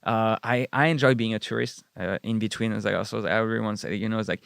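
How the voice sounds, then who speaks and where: A man's voice: lowish voice, steady tone, fast talker, vocal fry, a bit bright, smooth, no echo, clean studio sound. A man, a guest chatting casually and rambling with many fillers. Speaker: guest chef. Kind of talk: casual chat.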